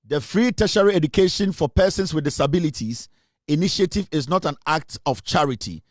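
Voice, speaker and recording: Ghanaian male host, high-pitched, dry close sound, preachy and emphatic. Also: lively intonation, brisk, no echo. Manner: preachy, emphatic, repeats lines for effect. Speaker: show host. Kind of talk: impassioned commentary mixing English and Twi.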